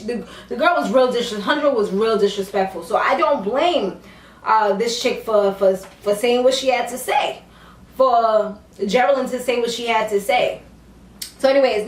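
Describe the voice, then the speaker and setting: A woman recapping a reality show in a casual, chatty way, acting out what people said as she tells the story. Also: on the high side. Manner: animated storytelling, acts out quotes. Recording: echoey room, mic at a distance.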